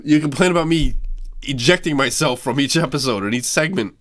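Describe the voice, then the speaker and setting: A man's voice: medium pitch, fairly quick, fairly bright tone. A man co-hosting a casual comedy podcast, cutting in and riffing on silly names. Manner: interrupts, riffs on silly names. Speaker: podcast co-host.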